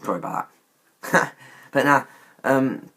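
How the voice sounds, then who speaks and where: A man's voice: medium pitch, slow pace, noisy background. A man giving wrestling predictions in a casual vlog, rambling and often correcting himself with many fillers. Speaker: YouTube wrestling commentator.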